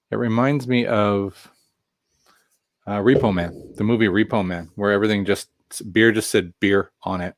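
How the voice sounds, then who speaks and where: Low-voiced guy doing a chill beer review stream, rambly, jokes at his own expense, dry close sound. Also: no echo. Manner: chatty, rambling, self-deprecating asides. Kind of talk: casual live beer tasting.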